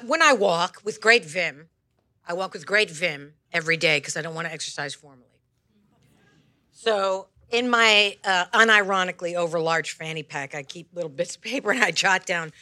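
A woman's voice: mid-range voice, bright, forceful tone. An older woman doing rambling, tangential stand-up on a wireless mic, full of apologies and self-deprecating asides. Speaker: comedian guest. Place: comedy stage before live audience. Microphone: handheld wireless mic.

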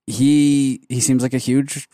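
A man's voice: mid-range voice, little pitch movement, slow, warm tone, no echo, studio quality. A man co-hosting a casual comedy podcast, rambling with lots of fillers and amused by his own jokes. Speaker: podcast co-host. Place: Canadian studio show.

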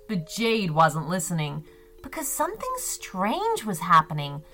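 A woman narrating a children's story in a gentle, expressive way. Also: on the low side, a little slow, music in the background.

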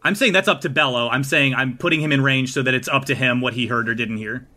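A man running a tabletop game as game master, theatrical and prone to sudden loud outbursts. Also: mid-range voice, fast. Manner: theatrical, swings from calm to shouting.

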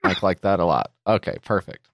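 A man's voice: low-pitched, brisk, dry recording. A man co-hosting a comedy podcast who reads a sponsor ad casually and keeps riffing and joking off-script. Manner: jokey, riffing, drifts off-script. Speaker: podcast co-host reading ads.

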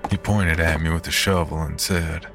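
Male narrator, low voice, grim scripted horror reading. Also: steady tone. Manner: measured, grim storytelling. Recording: narration over background music.

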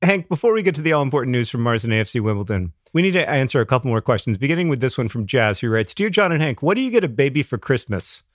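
A man's voice: medium pitch, very animated, racing, hardly any pauses, no room sound. A middle-aged man co-hosts a podcast in casual chat. He rambles playfully and laughs easily, and his voice sounds close and dry. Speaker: podcast co-host.

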